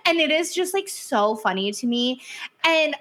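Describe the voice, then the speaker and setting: Chatty, bright-voiced woman co-host. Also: high-pitched, moderate pace. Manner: animated, chatty, laughs often, many fillers. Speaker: podcast co-host. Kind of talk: casual chat recapping a TV series.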